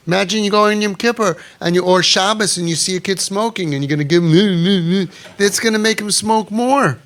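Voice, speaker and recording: Man, middle-aged, sermon storytelling, slightly high voice, animated, acts out dialogue. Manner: animated, acts out dialogue with sudden drops to a low murmur.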